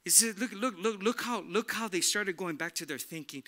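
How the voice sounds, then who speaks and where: A man's voice: sits high, moderate pace, pushed and bright. A male pastor preaching a sermon in a casual, slangy, emphatic way, often repeating "look" to drive a point home. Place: church.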